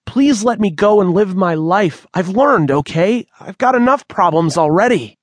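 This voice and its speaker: A man's voice: fairly high pitch, lively intonation, drawn-out words, husky, no room sound, pitched above the performer's own voice, exaggerated voice. A man voicing a panicked teenage boy who is trapped in his car, pleading and out of breath.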